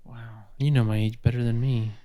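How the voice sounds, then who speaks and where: A man's voice: mid-range voice, level tone, warm tone, no echo, clean studio sound. Teasing man in his thirties. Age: 30s. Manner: quick teasing interjections. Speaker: podcast co-host. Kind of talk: casual chat.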